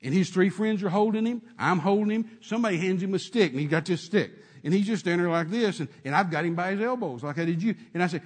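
A man's voice: sits high, quick pace, few pauses, slightly rough. A male preacher telling a sermon story, emphatic and repetitive, with many restarts.

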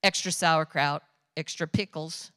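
A woman doing the voice of an older male pastor who is calm, firm and demanding, speaking in few words. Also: no room sound, clean studio sound, big-room sound. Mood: requesting. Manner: slow, low, few words.

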